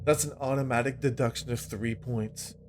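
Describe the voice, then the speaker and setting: A man's voice: medium pitch, fairly even intonation, moderate pace, music in the background, pitched below the performer's own voice, lightly acted. A man doing a blustery film-buff dad. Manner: blustery, lecturing. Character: brash film-loving middle-aged dad.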